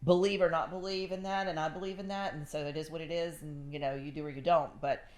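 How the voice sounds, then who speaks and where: A middle-aged woman with a drawl hosts a relaxed chat in a low voice. She tells her stories in a lively, chatty way. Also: fast. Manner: chatty storyteller, animated, says y'all. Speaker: podcast host. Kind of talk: casual chat.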